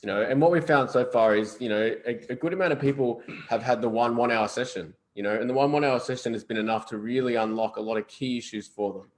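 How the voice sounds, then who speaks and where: A man chatting casually on a live stream, with a middle-pitched everyday voice. He mostly chimes in with brief agreement and swears now and then. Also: quick pace, few pauses. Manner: short agreeing replies, casual and profane. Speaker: energy healer co-host. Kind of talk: live Q&A chat.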